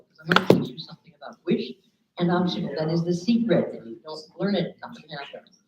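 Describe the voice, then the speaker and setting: A woman giving a motivational talk to an audience, telling lively stories and acting out the people in them. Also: on the low side, fairly quick, noisy background. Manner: lively storyteller, acts out quoted people. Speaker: motivational speaker. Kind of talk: live talk to an audience with slides. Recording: echoey room, dull lo-fi sound.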